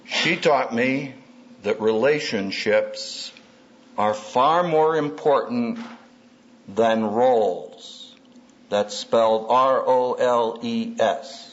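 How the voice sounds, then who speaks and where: A man's voice: medium pitch, very slow. A man preaching to an audience about marriage and family, punchy and humorous, acting out everyday scenes as he goes. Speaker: speaker at a Christian conference. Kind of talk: sermon. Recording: dull lo-fi tape with faint hiss.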